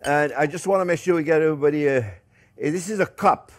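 A man's voice: fairly high pitch, fast talker. A man with a French accent hosting a casual cooking demonstration, chatty and playful, chuckling often with lots of fillers. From France. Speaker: cooking show host.

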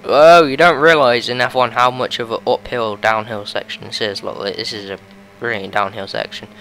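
A young man giving excitable play-by-play commentary on a racing game, his voice going a bit hoarse. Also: medium pitch, moderate pace, a little hiss or hum. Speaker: gaming video host.

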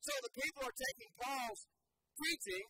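High, animated preacher man. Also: moderate pace, low-quality recording. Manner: emphatic, animated preaching with repetition. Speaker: pastor. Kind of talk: sermon. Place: church sanctuary. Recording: sermon recording with background noise.

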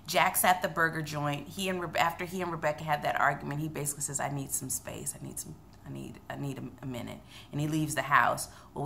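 A woman's voice: sits low, vocal fry, fairly bright tone, a little hiss or hum. A woman casually recapping a TV episode to camera, retelling scenes and quoting the characters' lines. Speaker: TV recap vlogger.

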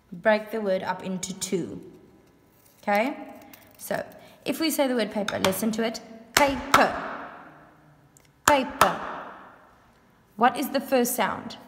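Woman teacher, patient and clear, sounding out words for kids; long room echo on the recording. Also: mid-range voice, slight background noise. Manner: patient, repeats and spells words out slowly. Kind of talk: online grammar lesson for young pupils. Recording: echoey room with long reverb.

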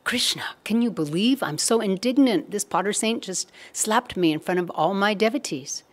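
A woman's voice: lowish voice, measured pace, a little mellow, close to an everyday voice. A woman voicing an indignant, proud young male devotee who pleads in a breathless, raised voice.

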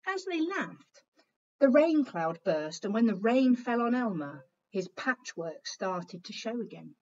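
A woman's voice: a little high, sing-song, measured pace, dull audio. A woman teacher reading a picture book aloud to young children, telling the story expressively and pointing out the pictures as she goes.

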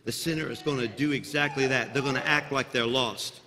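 A man preaching a sermon as senior pastor in a church sanctuary, building to loud, fervent climaxes with folksy asides and a slight Southern drawl. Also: medium pitch, a little fast, crowd noise. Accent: Southern US drawl slipping in. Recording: long hall reverb of a sanctuary.

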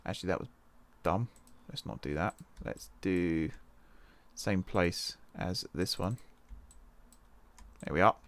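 A British man with a low, slightly bright voice speaks slowly. As a let's-play host, he provides casual, thinking-aloud commentary on a computer game, frequently revising his decisions and correcting himself, while his wrist hurts.

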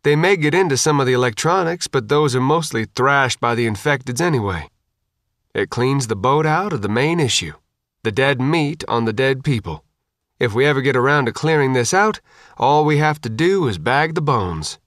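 Man reading a grim, steady woman officer. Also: medium pitch, moderate pace, no room sound, clean studio sound, natural voice. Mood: grim calm.

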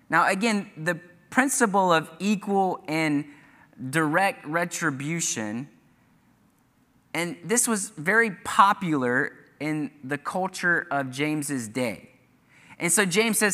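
A man's voice: fairly high pitch, animated, unhurried, sharp tone. Male pastor preaching in a reverberant church. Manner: earnest preaching, reads scripture aloud with emphatic rises. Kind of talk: sermon. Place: church sanctuary.

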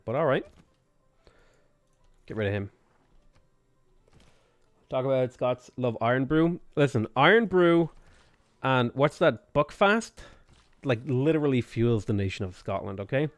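A man's voice: mid-range voice, expressive, a little slow, long pauses, dry recording. A man chatting casually and jokingly as he livestreams a strategy game, rambling from topic to topic. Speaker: gaming streamer.

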